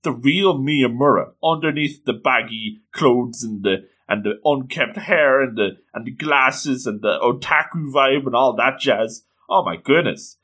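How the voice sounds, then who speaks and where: A man excitedly recapping an anime episode, often breaking into exclamations. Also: mid-range voice, unhurried, hardly any pauses.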